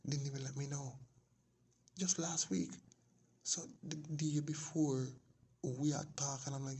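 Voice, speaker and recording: A man's voice: medium pitch, flat delivery, measured pace, long pauses, darkish tone, husky. A man telling a long rambling story, often dropping into whispered asides. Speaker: vlogger. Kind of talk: casual storytelling monologue.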